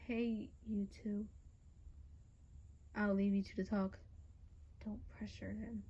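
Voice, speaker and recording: Girl doing a low-key sleepy teacher guy in a fan audio drama, muffled. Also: little pitch movement, slow pace, husky. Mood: calm.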